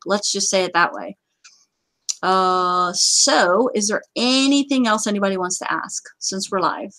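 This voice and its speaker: A woman hosting a casual livestream chat is talkative and laughs easily, but turns stern when warning her viewers. Her mid-range voice is animated and a bit bright at a moderate pace, in a rough recording with no room sound.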